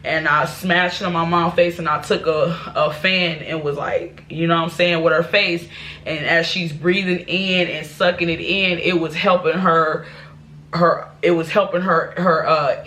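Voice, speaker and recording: A woman's voice: fairly low pitch, fairly even intonation, unhurried, fairly bright tone. A woman vlogger telling a personal life story to her viewers, candid and rambling, with restarts and asides. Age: adult.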